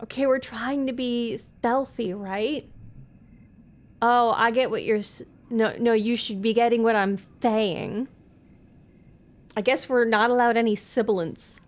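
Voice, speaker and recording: Chatty woman streamer, slightly high voice. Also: steady tone, a little slow. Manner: reads game dialogue aloud between chatty asides. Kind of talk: live let's play commentary.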